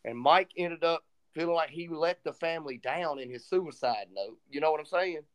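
Casting: male podcast co-host, slightly higher voice, lively storyteller. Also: normal speed, clear, resonant tone. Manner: animated retelling, acts out quoted dialogue. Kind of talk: casual storytelling chat.

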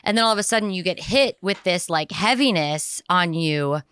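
A woman's voice: lowish voice, expressive, normal speed, a bit bright, clean tone, no room sound, clean studio sound. A woman co-hosting a podcast in casual chat, rambling and jokey, sometimes slipping into silly voices. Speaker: podcast co-host.

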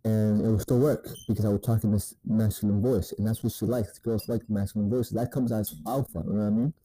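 A man's voice: lowish voice, fairly even intonation, fairly quick, warm tone, no echo, rough recording. A man giving laid-back, profane dating advice in a rambling casual monologue, often asking "you know what I mean".

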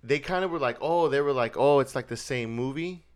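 A man's voice: mid-range voice, a little fast, clear, resonant tone. A man co-hosting a podcast in casual chat. He rambles, swears and acts out movie scenes. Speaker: podcast co-host.

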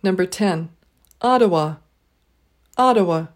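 A woman leading a pronunciation drill, saying each word twice, clearly and slowly. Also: fairly low pitch. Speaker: pronunciation teacher. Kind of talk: slow, deliberate pronunciation drill.

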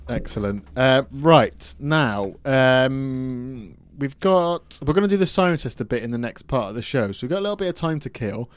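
Laid-back English radio presenter. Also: male voice, medium pitch, expressive, normal speed, clear, resonant tone, no room sound. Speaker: radio sports show presenter. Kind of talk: casual radio banter.

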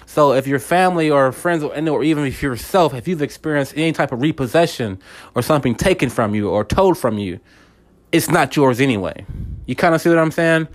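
A man's voice: fairly high pitch, expressive, fairly quick. Man in a rambling faith monologue. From United States. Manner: rambling, repeats words, checks in with listeners. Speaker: podcast host. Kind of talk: casual faith podcast monologue.

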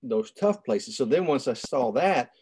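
A man's voice: medium pitch, animated, unhurried, darkish tone, breathy edge, rough recording. A man talking earnestly in a casual conversation about faith, restarting often and chuckling now and then.

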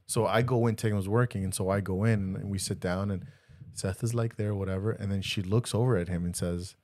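A man's voice: fairly low pitch, steady tone, brisk, darkish tone. A man co-hosting a podcast, chatting casually and telling jokey stories with many restarts. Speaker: podcast co-host. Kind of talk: casual chat.

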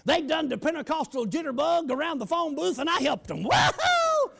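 A man, a pastor giving a folksy testimony sermon that keeps breaking into shouted bursts. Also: very high voice, expressive, a little fast, gravelly.

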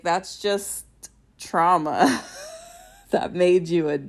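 Woman, podcast host, unhurried, low voice, sarcastic, casual recap, laughs a lot.

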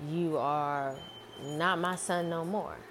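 A woman's voice: deep voice, steady tone, slow, a bit bright, a little hiss or hum. A woman voicing a strict, religious father who is furious and harsh, casually quoted while she retells a story. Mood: angry. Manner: harsh, threatening.

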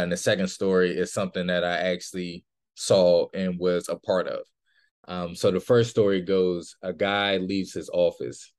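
A man with a low voice tells a story on his podcast in an easygoing monologue. He slips into the quoted lines of his characters as he goes. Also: darkish tone. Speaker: podcast host.

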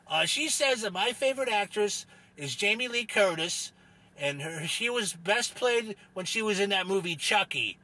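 A man's voice: sits high, animated, unhurried, vocal fry, pushed and bright, pitched above the performer's own voice, heavily acted. A man doing a rambling, dim-witted dad. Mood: pleased. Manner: rambling, confused, eager. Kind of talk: improvised comedy character.

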